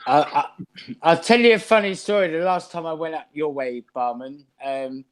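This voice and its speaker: A man's voice: on the high side, normal speed, smooth. An English man in casual chat, rambling through funny stories and laughing often.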